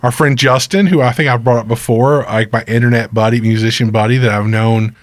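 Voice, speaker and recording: Man, casual podcast chat, rambling storyteller, mid-pitched voice, dry close sound. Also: steady tone, fairly quick, no room sound. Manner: rambling storyteller who acts out quoted voices. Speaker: podcast host and touring musician.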